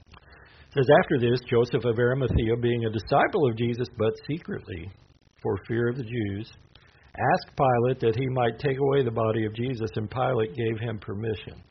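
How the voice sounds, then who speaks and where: A man's voice: mid-range voice, steady tone, moderate pace, creaky. A man teaching through a Bible passage in a conversational way, reading scripture aloud and adding asides. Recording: dull lo-fi sound with faint noise.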